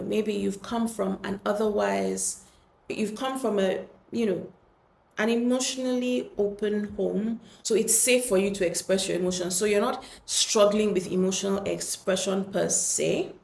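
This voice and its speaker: Gravelly-voiced woman, earnest and coaxing. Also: medium pitch, fairly even intonation, unhurried, roomy sound. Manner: earnest, gently coaxing, many "um"s and restarts. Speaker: podcast host. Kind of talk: reflective solo talk.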